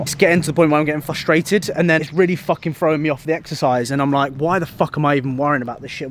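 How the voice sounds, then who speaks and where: A young man vents to camera in a casual vlog, frustrated and swearing freely. His voice sits in a middle pitch, recorded outdoors with faint noise around him. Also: fairly bright tone. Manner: frustrated venting, heavy swearing. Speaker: bodybuilding vlogger. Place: outdoors outside a gym.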